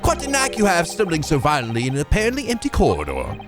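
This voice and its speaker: A pompous, quick-witted detective holds court in a lilting, pitched-up voice, as a man plays him over a game. He talks with theatrical grandeur and sly teasing. His pitch leaps and dips freely. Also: huge pitch swings, music in the background. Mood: smug.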